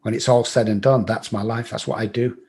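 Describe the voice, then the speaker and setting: A man's voice: fairly low pitch, steady tone, a little fast, darkish tone, a little hiss or hum. A middle-aged man from England with an English accent, a guest telling his life story bluntly, swearing freely and acting out other people's lines. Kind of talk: storytelling in an interview.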